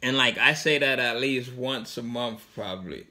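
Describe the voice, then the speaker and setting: A man's voice: mid-range voice, moderate pace, pushed and bright. A middle-aged man co-hosting a casual live stream with his wife, joking and bantering as they read viewer comments. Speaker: livestream co-host.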